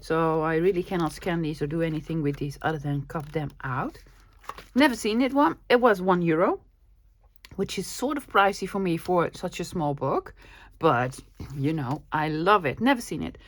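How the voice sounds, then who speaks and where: A woman's voice: sits low, moderate pace. Chatty woman with a cold. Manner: bursts of giddy excitement, chatty. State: coming down with a cold, sore throat. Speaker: vlogger showing a thrift haul. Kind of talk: casual chat.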